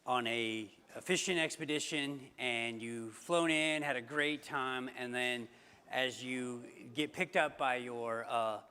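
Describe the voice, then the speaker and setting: A man's voice: mid-range voice, slow, bright, forceful tone, smooth. A man preaching a sermon as pastor, telling a story in a conversational way with fillers and restarts. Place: church sanctuary. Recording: long church hall reverb.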